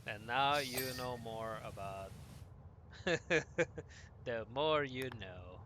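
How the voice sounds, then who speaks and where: A young adult man telling a long casual story while playing a game, animated, with many fillers and self-corrections. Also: medium pitch, slow, noisy background. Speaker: gaming podcast host.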